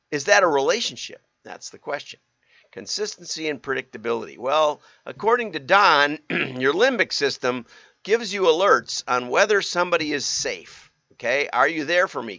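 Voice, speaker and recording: A man's voice: medium pitch, sharp tone, no room sound, lo-fi sound. A middle-aged man hosting a livestream in a chatty, casual way, laughing often and asking rhetorical questions. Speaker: livestream host.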